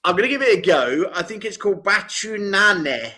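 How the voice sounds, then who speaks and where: A man co-hosts a live music show with a very bright, ringing voice that sits slightly high. He keeps the chat playful and cheeky as he banters with his co-host. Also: sing-song, normal speed.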